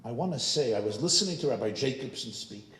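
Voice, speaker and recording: A man voicing a solemn older army chaplain general who speaks in a slow, measured, formal way. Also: mid-range voice, lively intonation, fairly bright tone, echoey room, pitched below the performer's own voice, lightly acted.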